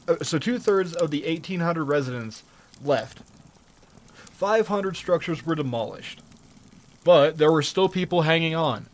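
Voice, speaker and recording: A man's voice: on the high side, slight background noise. Sarcastic, swearing male storyteller. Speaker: podcast co-host telling a story. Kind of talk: casual storytelling chat.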